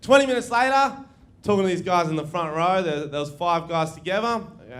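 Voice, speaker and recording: A young Australian man performing stand-up comedy on stage, animated and swearing, often laughing at his own stories. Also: sits high, brisk. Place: theatre stage with live audience.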